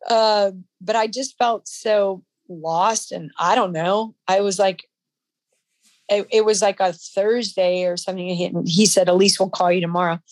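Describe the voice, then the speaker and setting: A woman guest in an interview, telling a personal story in a halting, emotional way with frequent restarts. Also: medium pitch, fairly even intonation, a little mellow, no echo.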